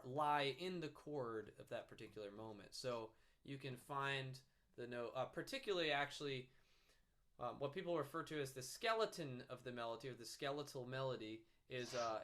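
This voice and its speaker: A man giving a relaxed music lesson, explaining soloing with fillers and now and then humming or singing a snippet. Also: medium pitch. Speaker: music teacher. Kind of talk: casual instrument lesson. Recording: faint guitar music behind.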